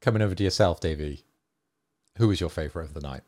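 A man's voice: deep voice, fast talker, a little mellow. A man hosting a casual podcast, steering the segment with wry, self-deprecating humour. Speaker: podcast host. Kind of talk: casual banter among friends.

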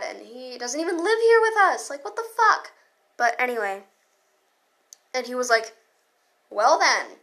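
A woman's voice: fairly high pitch, sharp tone. A teenage girl ranting in a casual storytime vlog, sarcastic and full of swearing.

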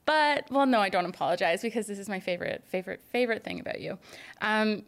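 A woman's voice: medium pitch, fast. A woman hosting a podcast interview, talking candidly and chattily with frequent "like"s. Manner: candid, chatty, many fillers. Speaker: podcast host.

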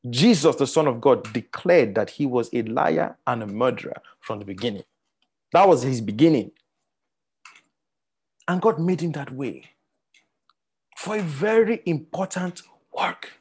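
A man with a Nigerian accent teaching a sermon, animated and repeating words for emphasis, with many fillers. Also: mid-range voice, a little slow, long pauses, breathy edge. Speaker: Bible teacher.

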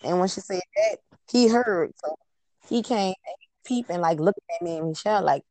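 A woman telling her own life story as an interview guest, in casual, halting talk with frequent pauses and restarts. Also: on the low side, dark tone, no echo, rough recording.

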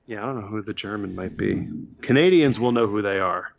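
A man co-hosting a casual movie podcast, relaxed and giving advice. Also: lowish voice, brisk, gravelly, dull audio. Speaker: podcast co-host.

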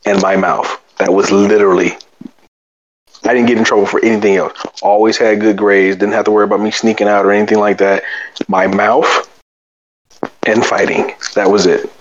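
A man co-hosting a casual podcast, telling animated stories, acting out quotes and laughing often. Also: fairly low pitch, normal speed, lo-fi sound, a little hiss or hum. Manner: animated storyteller, acts out quotes, laughs a lot. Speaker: podcast co-host. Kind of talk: casual chat.

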